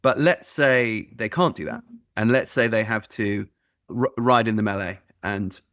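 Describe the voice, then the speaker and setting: A man's voice: fairly low pitch, measured pace, fairly bright tone, no echo, clean studio sound. A man hosting a podcast, who asks questions in an engaged way and adds his own points. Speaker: podcast host. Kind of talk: casual interview chat.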